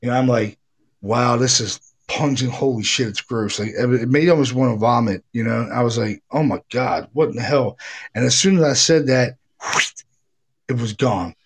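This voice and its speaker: A man's voice: mid-range voice, normal speed, husky. A middle-aged man, a paranormal investigator, telling a ghost story in a casual, rambling way, swearing freely and acting out what people said. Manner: rambling, profane, animated retelling with acted quotes.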